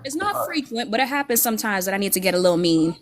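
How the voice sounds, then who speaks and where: A woman's voice: mid-range voice, expressive, quick pace, very noisy. A woman guest on a casual online panel, talking in a sassy, playful and candid way.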